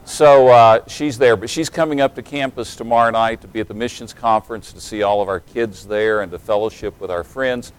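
A man around forty, raised in East Tennessee but speaking in a general American accent, delivers a sermon at a middle pitch. He moves between relaxed, joking asides and more emphatic stretches of preaching. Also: a little fast, hardly any pauses, clean tone, low-quality recording. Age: late 30s to early 40s. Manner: folksy and humorous, then rising to emphatic preaching.

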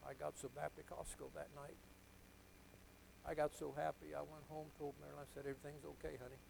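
An older man preaching a sermon, telling a personal story with deep emotion, dropping to a hush and then rising to loud emphasis. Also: monotone, normal speed, creaky, noisy background. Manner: emotional, confessional storytelling that swings from hushed to loud.

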